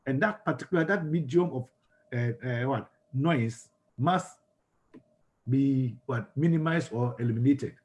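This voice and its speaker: A man's voice: mid-range voice, a little slow, a little mellow. A man with a Ghanaian English accent giving a classroom lecture on communication. He often repeats and restarts his words and puts questions to the class.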